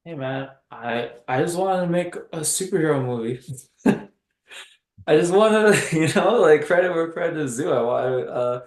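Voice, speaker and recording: A man, a film director being interviewed, talking in a halting, hesitant way with many restarts. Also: on the high side, expressive. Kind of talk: casual interview chat. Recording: echoey room.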